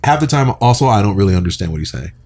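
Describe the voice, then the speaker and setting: Relaxed low-voiced man chatting. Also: rapid-fire. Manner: laid-back, laughs often, breaks into singing. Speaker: English teacher and podcast co-host. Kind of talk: casual chat.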